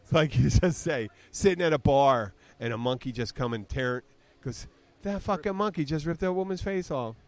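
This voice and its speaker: A man's voice: a little high, animated, normal speed, few pauses. A man co-hosting a podcast, telling rambling, profane stories in casual chat. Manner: rambling, profane, acts out quotes. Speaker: podcast co-host.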